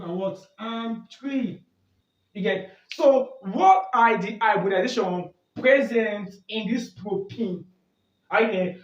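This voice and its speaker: A high-pitched man teaches a lesson, asking a question and answering it himself, then checking "do you get that?" He sounds far from the mic, in an echoey room, with a dull, muffled tone. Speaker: chemistry tutor. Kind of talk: exam-prep lesson at a board.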